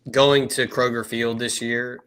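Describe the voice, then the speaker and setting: Bright-voiced man in casual sports talk. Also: medium pitch, measured pace. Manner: energetic, slangy, emphatic. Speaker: podcast co-host.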